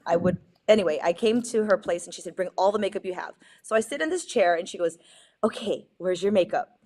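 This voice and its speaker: A middle-aged woman from Hawaii, a guest on a video call, telling stories with lots of laughter and acted-out voices. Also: lowish voice. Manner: animated, acts out voices in her stories, laughs often. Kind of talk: casual storytelling.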